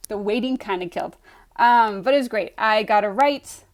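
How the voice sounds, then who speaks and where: A young woman telling a personal story in a casual, animated way, acting out her own reactions as she goes. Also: mid-range voice, moderate pace, a little hiss or hum.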